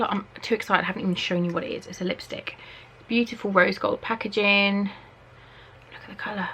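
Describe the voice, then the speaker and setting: A young English woman from Norfolk chatting excitedly on camera at home, reading out product blurbs as she unboxes them. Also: medium pitch, fast talker, a little hiss or hum. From Norfolk, England. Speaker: beauty vlogger. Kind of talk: casual unboxing chat. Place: at home, indoors.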